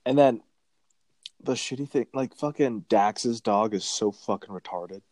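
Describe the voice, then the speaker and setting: Crude rambling young man, low dry voice. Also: unhurried, darkish tone, no echo. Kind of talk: casual chat.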